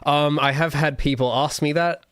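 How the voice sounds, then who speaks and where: A man's voice: on the high side, fairly even intonation, moderate pace, a bit bright, clear, resonant tone, dry recording. Rambling Australian man with dry sound. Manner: rambling, self-mocking jokes, frequent restarts. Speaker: solo game developer streaming. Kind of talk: casual livestream chat while drawing.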